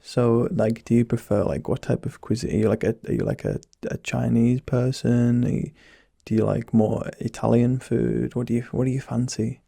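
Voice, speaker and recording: Soft-spoken young man, whispered role-play. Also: mid-range voice, fairly even intonation, normal speed, gravelly, no echo, clean studio sound.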